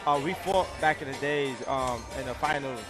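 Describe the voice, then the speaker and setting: A man's voice: mid-range voice, normal speed. A man who coaches boxing, joining the commentary as a guest, matter-of-fact. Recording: loud event crowd and music.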